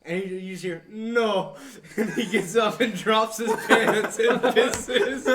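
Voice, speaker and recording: A man's voice: high voice, slow pace, a loud crowd. A young college-age man on a casual podcast, telling a story in a laid-back, rambling way with country turns of phrase. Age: young adult. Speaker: podcast co-host. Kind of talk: casual chat. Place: outdoors.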